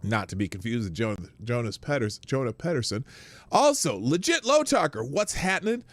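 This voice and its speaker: A man's voice: mid-range voice, moderate pace, no room sound. A man hosting a morning live stream in a casual, rambling way, greeting his viewers one by one. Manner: animated, greets viewers by name, rambling asides.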